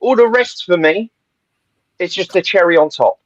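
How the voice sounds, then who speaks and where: A man's voice: sits high, moderate pace, no room sound, muffled recording. A man giving blunt opinions in a casual football podcast chat, laughing often. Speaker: podcast panelist.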